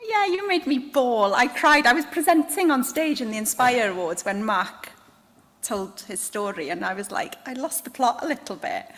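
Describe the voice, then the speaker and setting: A woman's voice: a little high, expressive, moderate pace, fairly bright tone. A woman with a Welsh accent hosting a live event, bubbly, enthusiastic and chatty. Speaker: event host. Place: event hall. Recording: echoey hall with faint ambience.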